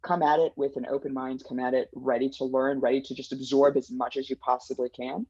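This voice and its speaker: A man's voice: medium pitch, level tone, fairly quick, a little mellow, husky, dry recording. A man who manages a placements team, answering interview questions in an earnest, enthusiastic way with lots of fillers and restarts. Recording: dull dry lo-fi sound.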